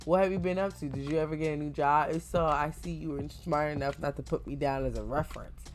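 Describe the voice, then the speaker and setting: A snide male ex-boss who confronts and taunts a former worker, read aloud by a reaction host. The voice is pitched higher and louder than the reader's own. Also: fast, natural voice. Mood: taunting.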